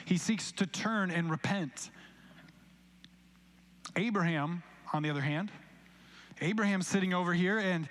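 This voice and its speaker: High-voiced man preaching a sermon. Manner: conversational storytelling with acted-out quotes. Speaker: pastor. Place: church sanctuary, recorded live.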